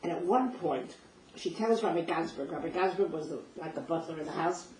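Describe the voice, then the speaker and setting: Speaking a little fast in a deep, darkish voice, this older woman recounts her own memories as an emotional first-person story, acting out what people said. The recording sounds roomy and distant, with faint noise.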